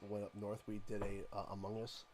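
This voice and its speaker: A man's voice: lowish voice, completely flat delivery, brisk, darkish tone, slight background noise. A Canadian man hosting a casual live stream from his home room, joking and playfully complaining at his desk mic. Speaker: streamer host.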